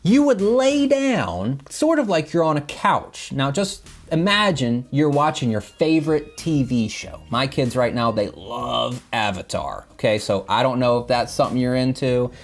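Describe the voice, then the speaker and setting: A man in his middle years tells a Bible story to children, his mid-range voice rising and falling with lively swings. He stops often to check that the kids are following. Soft music plays faintly behind him. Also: mid-range voice, a little slow, hardly any pauses. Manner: animated, explains to children and checks in with "okay?".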